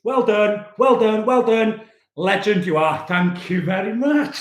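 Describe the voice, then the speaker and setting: A man's voice: high-pitched, lively intonation, measured pace, roomy sound, faint music behind. A man, a youth worker chatting casually and cheerfully on a livestream, laughing often. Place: room at home.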